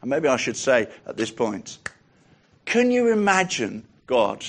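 A man delivers a conversational sermon in a medium-pitched, very animated voice at a measured pace. He softens for quoted lines and raises his voice when reading scripture aloud.

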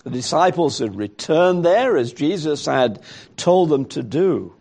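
A man's voice: fairly high pitch, very animated, measured pace, creaky, darkish tone, slightly rough. A man preaching a sermon in a reflective way, thinking aloud and asking rhetorical questions.

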